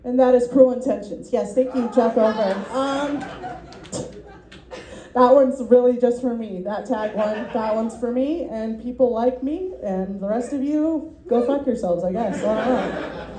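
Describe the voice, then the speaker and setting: A woman's voice: on the high side, unhurried, mellow, reverberant, poor audio. A woman doing a rambling, self-deprecating stand-up set at a student showcase, full of ums and little laughs, as the class's comedy teacher.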